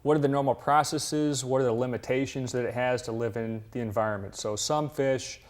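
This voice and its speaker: A man who is a university fish physiologist, explaining his work plainly and at a measured pace in an interview, with many fillers. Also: medium pitch, fairly even intonation.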